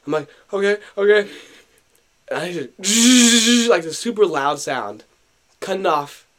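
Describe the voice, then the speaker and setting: A man's voice: fairly high pitch, lively intonation, normal speed. A young man co-hosting a podcast, telling a story in casual chat, acting out what people said, with many fillers and restarts. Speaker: podcast co-host.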